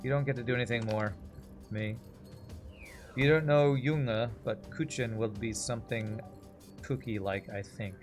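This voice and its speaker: Game streamer, man, East Texas accent, loose running commentary, soft music underneath. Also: mid-range voice, fairly even intonation, a little slow, pauses often. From American South. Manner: chatty, rambling, reacts to the game as he talks. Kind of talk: casual gameplay commentary.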